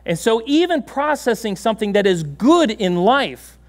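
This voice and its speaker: High-pitched pastor guy preaching in church, animated, keeps laughing while he works a dog. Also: moderate pace. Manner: animated, laughing often, coaxing the dog with commands. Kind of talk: sermon with a live dog demonstration. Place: church sanctuary.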